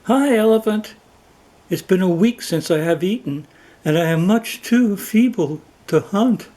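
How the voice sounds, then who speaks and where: A man voicing a starving, proud male lion king who begs in a high, whiny voice for a cartoon folktale. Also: animated, measured pace, mellow, low-quality recording. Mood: pleading.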